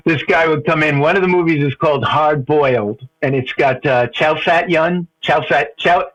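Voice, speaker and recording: A man's voice: a little high, normal speed, fairly bright tone, highs cut off. A man calling in to a show, chatting casually, rambling and laughing often. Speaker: caller. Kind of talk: casual call-in chat.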